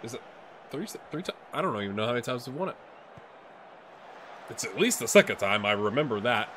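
A man doing a tired but excitable, jokey play-by-play while he plays a game on video, with asides to his viewers. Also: medium pitch, brisk, slight background noise. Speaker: gaming YouTuber. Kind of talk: let's play commentary.

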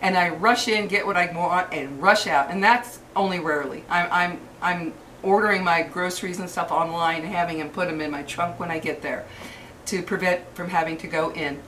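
A woman's voice: on the low side, fairly bright tone. Furious older woman ranting, set back from the mic. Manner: furious, cursing, halting restarts. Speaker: vlogger. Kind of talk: angry rant to camera. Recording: distant mic with faint background hiss.

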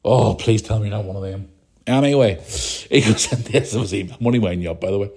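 A man's voice: on the low side, fast talker, warm tone. A Northern Irish man hosting a podcast, chatting casually in a rambling, teasing way. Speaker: podcast host.

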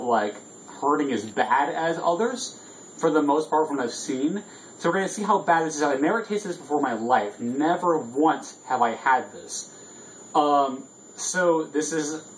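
Drunk man, casual vlog host, rambling, profane, slightly raised pitch. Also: slight background noise, rough recording. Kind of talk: casual chat.

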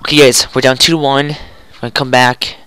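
A gamer giving goofy, excitable commentary while playing a hockey video game, groaning and yelling at each play. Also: medium pitch, brisk, clear, resonant tone, no room sound.

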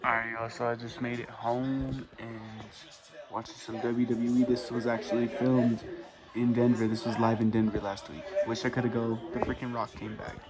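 A man's voice: medium pitch, moderate pace, over music, poor audio. Casual young-sounding male vlogger. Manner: relaxed, casual slang. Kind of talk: casual vlog chat.

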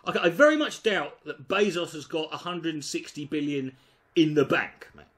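A man's voice: fairly high pitch, animated, normal speed, a bit bright. A man giving sweary, mocking reaction commentary on a video. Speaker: commentary host.

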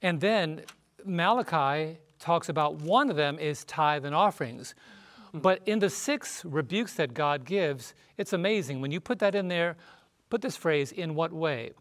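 Male panelist, bit high voice, preachy emphasis on quoted verses. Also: expressive, unhurried, a bit bright. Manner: emphatic, rises sharply when quoting scripture. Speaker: Bible study panelist. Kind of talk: Bible study panel teaching.

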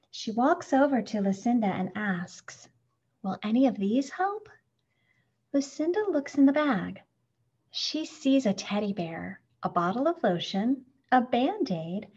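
Woman, children's book read-aloud, slow, breathy, somewhat high. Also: dull audio. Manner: slow, expressive storytelling. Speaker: reader.

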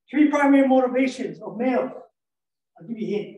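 A man's voice: extremely high pitch, quick pace, dark tone. A man lectures in a loose, joking way, firing questions at the room and wandering off into stories. His voice sounds far from the mic and bounces around a very echoey room. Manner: playful, rambling, quizzes the audience. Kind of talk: lively classroom lecture with jokes.

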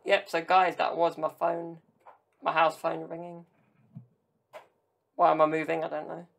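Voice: mid-range voice, monotone, unhurried, vocal fry. A podcast host from Southern Italy chatting casually on their own, rambling and drifting into tangents with jokey asides. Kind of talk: casual solo podcast chat.

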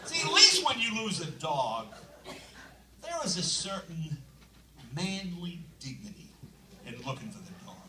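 A man doing a live stand-up routine with an animated, punchy delivery and sudden shouts, recorded from a distance in an echoey live venue with a loud crowd. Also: on the high side, a little slow, pauses often. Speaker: stand-up comedian.

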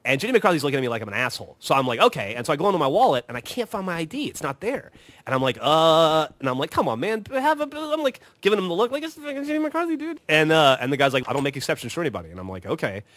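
Casual storyteller man, fairly high voice with lots of pitch swing, acts out every line. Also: very fast, no room sound. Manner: animated, swearing, acts out quoted lines. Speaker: podcast host telling stories.

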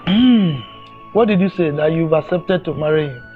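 Casting: an actor playing a weary family elder, high animated voice, soft score underneath. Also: male voice, moderate pace, phone-quality sound, soft background music, close to an everyday voice. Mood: reasoning. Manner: weary, reasoning. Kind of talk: film drama acting.

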